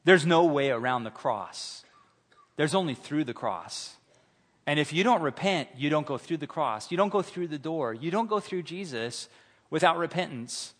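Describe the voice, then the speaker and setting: A man preaching a sermon in a church, animated and humorous, acting out little scenes. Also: a little high, normal speed, in a large hall. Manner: animated, humorous, acts out voices. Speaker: pastor. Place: church sanctuary.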